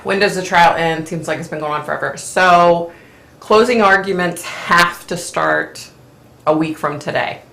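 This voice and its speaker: A woman hosting a casual live-stream chat, chatty and opinionated, clearing her throat often as her voice wears out. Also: lowish voice, measured pace, fairly bright tone, reverberant. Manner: chatty, opinionated, frequent fillers. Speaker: host.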